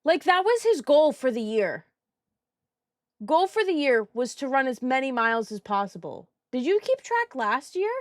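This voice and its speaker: A woman's voice: high voice, very animated, moderate pace, dry recording, studio quality. A young woman streaming while she colors, chatting casually with her chat, giggling and swearing freely.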